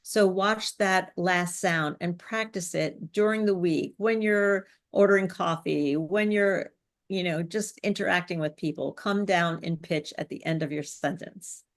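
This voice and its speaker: Speech coach woman, lowish voice. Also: measured pace. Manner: coaching, varies pace and emphasis, drops pitch at sentence ends. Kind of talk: live online presentation coaching.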